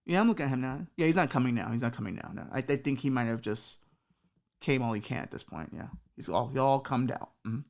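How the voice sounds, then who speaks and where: A woman's voice: rumbling low, expressive, quick pace, darkish tone. A woman voicing a bored, laid-back male Satan who talks in offhand slang. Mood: chatty. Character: bored casual male Satan ruling hell.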